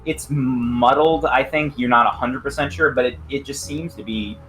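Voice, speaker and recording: A man's voice: medium pitch, moderate pace, fairly bright tone, soft background music. A man narrating as game master, describing scenes in a loose, hesitant way.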